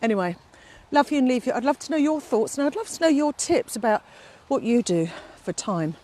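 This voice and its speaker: A middle-aged woman, a fitness instructor, rambles breathlessly through an outdoor vlog while hiking up a steep hill with her phone, chatty and sweet with her dog. Her voice is high and mellow, lively in intonation and a bit quick.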